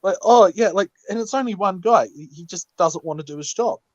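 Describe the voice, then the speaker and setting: A man's voice: high voice, lively intonation, a little fast, dry recording. Aussie guy ranting and swearing on a call, muffled dry sound. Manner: blunt and sweary, laughing. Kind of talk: casual chat. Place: small rural community.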